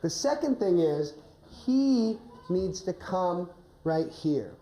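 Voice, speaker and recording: Woman drama coach, low-pitched, instructive, checks in constantly, echoey room. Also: expressive, slow, warm tone. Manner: instructive, tags "right?" often. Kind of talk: classroom coaching. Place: classroom. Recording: echoey classroom, faint noise.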